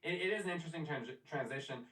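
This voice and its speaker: A man's voice: fairly high pitch, racing, fairly bright tone. A man hosting a podcast interview, asking questions in a thoughtful, hesitant way and often repeating words. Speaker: podcast host. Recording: roomy, distant from the mic.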